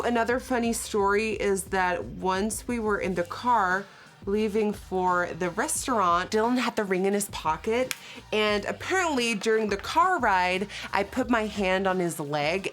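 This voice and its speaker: A woman, chatting as a beauty vlogger and telling a story while doing her makeup. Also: medium pitch. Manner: animated, acts out quotes, fast asides.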